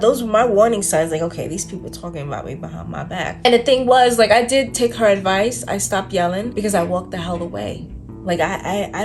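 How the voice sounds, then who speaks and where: Candid, emphatic woman vlogger. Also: lowish voice. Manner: emphatic, candid, frequent "like" fillers; blunt and exasperated, with slang. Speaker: self-development vlogger. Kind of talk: casual personal storytelling to camera.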